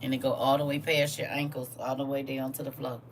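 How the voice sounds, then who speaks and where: A woman's voice: extremely low pitch, flat delivery, fast talker, recorded from a distance, slight background noise. An older woman leading a casual livestream Bible lesson, chatting and teasing her viewers as she teaches. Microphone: phone.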